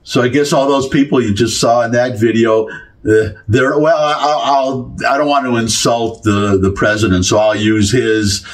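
A man's voice: mid-range voice, fairly even intonation, normal speed. A man with a Midwestern accent from Michigan, talking through a casual commentary monologue with many restarts and asides. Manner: rambling, many restarts and asides, emphatic repetition. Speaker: political commentary host.

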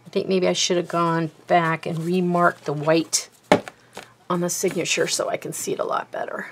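A woman's voice: on the low side, flat delivery, moderate pace, noisy background. A woman giving a hands-on craft tutorial, chatty and self-deprecating, muttering to herself as she works. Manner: mutters and whispers to herself while working. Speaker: bookbinding crafter.

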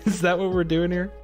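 A young man casually commenting on his own gameplay during a live stream, often laughing and exclaiming to his chat. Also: sits high. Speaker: gaming streamer.

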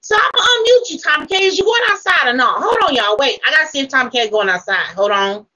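A woman runs a livestream panel and keeps pressing a guest with blunt, profane demands. Her voice sits high and sounds bright and sharp. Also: animated, quick pace, low-quality recording. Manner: confrontational, swearing, repeating demands. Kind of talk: heated livestream argument.

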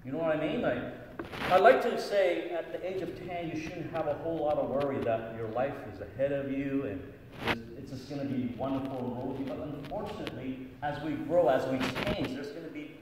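Jokey middle-aged pastor in an echoey hall. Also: male voice, a little high, fairly quick. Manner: jokey, animated storyteller. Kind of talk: storytelling talk to children. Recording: echoey hall from far off, background noise.

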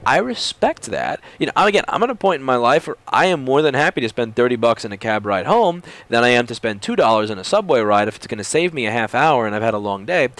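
A man who runs a repair shop, ranting casually in a blunt, profane, animated way. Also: mid-range voice, no echo. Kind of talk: casual rant vlog.

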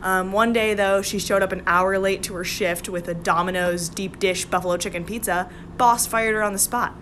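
A young woman telling a casual story to camera, blunt and deadpan, swearing freely. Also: mid-range voice, moderate pace, slight background noise.

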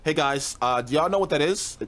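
With a fairly high, bright voice and a fairly quick delivery, a young man plays a game on stream, offering slangy let's-play commentary and yelping and laughing whenever something scares him. Game music plays in the background.

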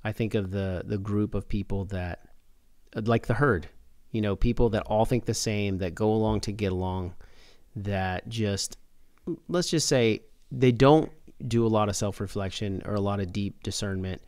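Man, podcast host, low smooth voice, dry close sound, casual and thoughtful. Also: moderate pace, a little mellow, no echo. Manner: thoughtful, rambling with restarts.

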